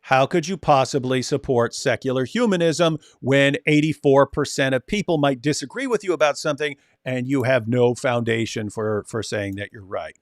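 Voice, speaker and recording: A man's voice: mid-range voice, normal speed, few pauses, no room sound. Man talking in a dry, close sound. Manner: storytelling, acts out quoted dialogue. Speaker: co-host. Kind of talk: casual reaction chat.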